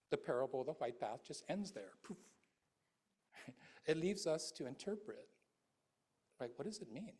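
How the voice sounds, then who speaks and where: A man's voice: on the high side, big pitch swings, moderate pace, long pauses, a little mellow, husky. A male guest minister giving a Buddhist dharma talk in a conversational way, with fillers and asides to the audience.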